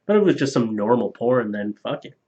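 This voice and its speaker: On a laid-back stream, a man with a medium-pitched voice goes through donations a little fast, cursing freely and cracking himself up. The audio is somewhat dull and lo-fi.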